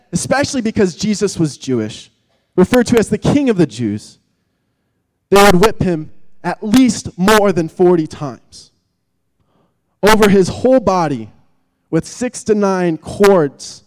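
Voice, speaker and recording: Preaching man in a reverberant hall. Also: high voice. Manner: vivid, dramatic, swings from loud emphasis to hushed tones. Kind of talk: sermon.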